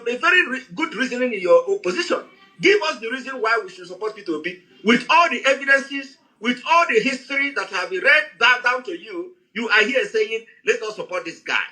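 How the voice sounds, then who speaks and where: Forceful high-voiced man shouting. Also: poor audio. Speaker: speaker on an audio space. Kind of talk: heated address.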